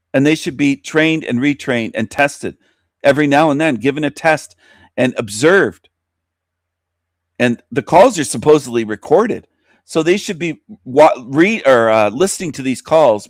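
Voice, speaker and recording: A furious man on his radio show, cursing and circling back to his point. His voice is mid-pitched and sits in a dry, close recording with no room sound. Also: no room sound. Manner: heated, swearing, repeats himself. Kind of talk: angry profane radio rant.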